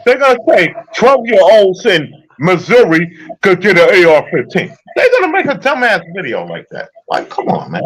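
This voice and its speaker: Husky guy going off, high voice swinging everywhere, cussing in disbelief. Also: huge pitch swings, moderate pace, a bit bright. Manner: heated, incredulous, swears a lot. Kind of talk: casual profane commentary.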